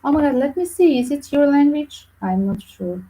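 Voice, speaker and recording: A woman with reading tarot cards for viewers, chatty and animated, with small slips in her phrasing. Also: high voice, normal speed, low-quality recording. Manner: chatty, animated, non-native English with slips. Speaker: tarot reader.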